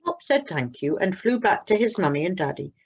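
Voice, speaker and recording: A woman reads a children's story aloud at a slow, expressive pace. Her voice has a gravelly, husky grain and lively pitch. The recording sounds dull and lo-fi. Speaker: storybook reader at a church service.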